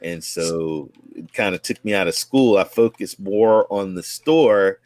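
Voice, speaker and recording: A man in his forties from Oakland, California, speaks in a low, slightly mellow voice, unhurried, with no room sound. A guest and content creator, he tells his life story casually and ramblingly, restarting often and acting out quotes.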